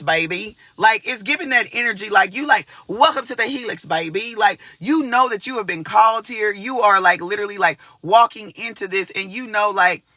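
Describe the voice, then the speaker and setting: A man giving a casual collective tarot reading, talking in an animated way, cursing freely and repeating words as he goes. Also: sits high, dry recording. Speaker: tarot reader.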